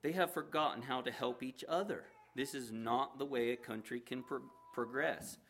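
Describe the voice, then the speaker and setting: A man voicing an elderly, patient king in a read-aloud parable, speaking in a measured, gently stern way. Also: medium pitch, a little hiss or hum, voice pushed up, natural voice. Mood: calm. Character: elderly wise male king, patient and calm.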